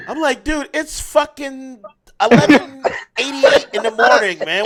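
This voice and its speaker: A man's voice: very high-pitched, unhurried, gravelly, crowd noise. A man co-hosting a podcast, telling stories in a casual chat with lots of laughing and cursing. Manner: animated storytelling, laughing, cursing. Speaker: podcast co-host.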